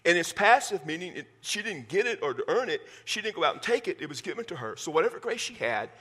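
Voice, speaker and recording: A man's voice: high voice, big pitch swings, fast talker, sharp tone, husky. A man preaching a sermon in a folksy way, joking with the congregation and often repeating words as he restarts. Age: 50s. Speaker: pastor.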